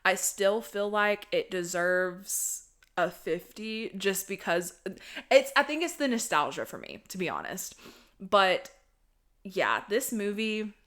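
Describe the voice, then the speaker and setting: A young woman hosting a podcast, recapping a horror movie in a casual, animated, swearing style. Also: mid-range voice, takes it slowly. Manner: animated, profane storytelling. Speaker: podcast host.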